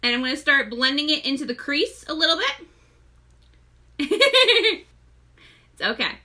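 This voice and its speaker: A woman's voice: high voice, big pitch swings, unhurried, pushed and bright. A young pregnant woman hosting a casual live makeup tutorial, chatty, greeting viewers by name and often short of breath. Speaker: makeup seller and live-stream host.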